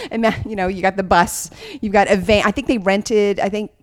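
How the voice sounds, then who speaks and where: A woman comedian chats on a podcast, telling stories and slipping into the voices of the people she describes. Her voice sits at a middle pitch, recorded dry and close with no room sound. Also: normal speed, no room sound. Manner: animated storytelling, acting out quoted voices. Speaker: guest comedian. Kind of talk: casual podcast chat.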